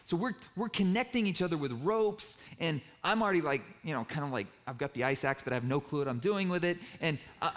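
A man giving a sermon-style personal story to a room, lively and self-mocking, acting out the dialogue. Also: on the high side, fast talker, few pauses. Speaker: speaker telling a personal story to an audience. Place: room with a live audience.

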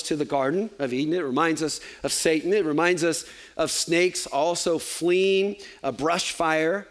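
Pastor delivering a sermon: high voice, chatty, animated, light humor. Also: male voice. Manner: animated, conversational, joking asides. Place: church.

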